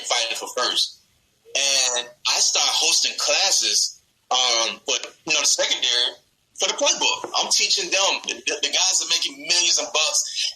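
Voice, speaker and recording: A young man, a football player, telling his story in a radio interview with animated laughter. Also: mid-range voice, rough recording.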